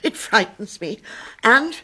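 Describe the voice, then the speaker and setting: An actress playing a fretful, muddle-headed spinster companion who is easily frightened in a radio drama. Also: female voice, fairly high pitch, big pitch swings, slow, pushed and bright, breathy edge, heavily acted. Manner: fretful, fluttering, anxious. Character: fluttery anxious older spinster companion.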